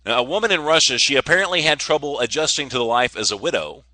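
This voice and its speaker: A man's voice: medium pitch, lively intonation, fast talker, pushed and bright, dry recording. A man hosting a casual solo podcast, rambling and joking with frequent stammers and restarts. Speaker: podcast host.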